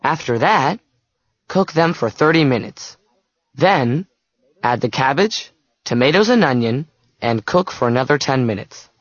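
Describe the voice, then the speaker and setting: A man with a slightly husky, fairly high voice reads a textbook dialogue slowly. He gives clear, step-by-step instructions with a lively rise and fall. The sound is dry and a little muffled. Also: no echo.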